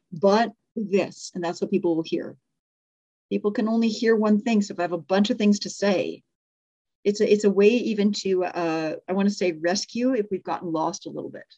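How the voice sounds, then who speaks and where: A woman's voice: medium pitch, darkish tone, dull audio. A middle-aged woman teaching a live workshop on speaking, demonstrating examples aloud and correcting herself as she goes. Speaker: communication coach.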